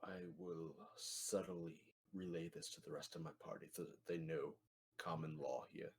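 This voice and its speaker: A man playing a tabletop game, speaking in a deliberate, low-key way. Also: big pitch swings, vocal fry, breathy edge. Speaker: player. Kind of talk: tabletop role-play in character.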